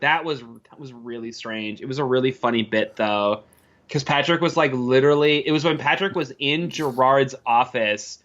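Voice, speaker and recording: A man as a podcast guest, telling lively stories in casual chat and often laughing. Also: medium pitch, moderate pace, muffled recording. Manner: animated, laughs often, acts out quoted coworkers. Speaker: podcast guest, former video editor.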